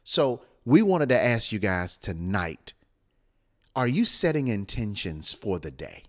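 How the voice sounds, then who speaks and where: A man with a smooth, radio-ready voice gives a motivational talk on a late-night live stream. His voice sits low but rises and falls widely as he builds points like a preacher, repeating phrases for weight. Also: big pitch swings, unhurried.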